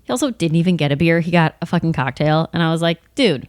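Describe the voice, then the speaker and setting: A woman in her thirties chatting on a podcast, telling work stories in a lively way and acting out the people in them. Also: sits low, fast, no echo, clean studio sound. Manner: animated storytelling, acts out bar customers and managers. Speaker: comedian guest. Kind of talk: casual podcast chat.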